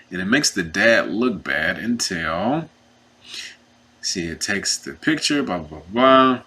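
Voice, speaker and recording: Guy venting about his custody case, punchy forceful voice, acts out the other people. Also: fairly low pitch, husky. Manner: animated, acts out what others said; emphatic, indignant. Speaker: self-represented parent in a custody case. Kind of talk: casual storytelling commentary.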